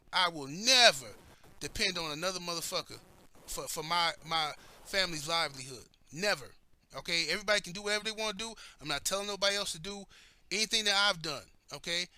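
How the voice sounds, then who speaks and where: A commentator with a high-pitched, sharp voice tells personal stories in a blunt, heated manner, cursing heavily throughout. The recording is dry, with no room sound.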